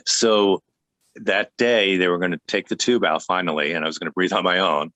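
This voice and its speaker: A man with a low voice speaks earnestly, pausing and restarting as he recounts his own experience. The sound is dry and close, with no room around it. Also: fairly even intonation, pushed and bright, no echo. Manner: earnest, halting, with many restarts. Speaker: guest. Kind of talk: telling a personal faith story.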